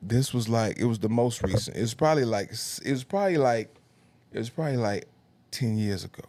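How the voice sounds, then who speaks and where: A man, telling comic stories on a podcast with laughs and big pitch jumps. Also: expressive, fairly quick, darkish tone. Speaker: comedian guest. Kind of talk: podcast storytelling.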